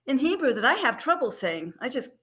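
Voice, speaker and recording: A woman's voice: sits high, big pitch swings, a little fast, sharp tone. A woman student asking questions in a language class, chatty and curious. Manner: chatty, curious, laughs easily.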